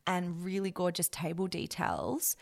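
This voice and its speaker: A woman hosts a casual wedding chat, handing out firm, no-nonsense advice. Her voice sits low and carries a gravelly fry. She speaks with emphasis and swears casually now and then. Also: very animated, a little slow. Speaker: wedding planning podcast host.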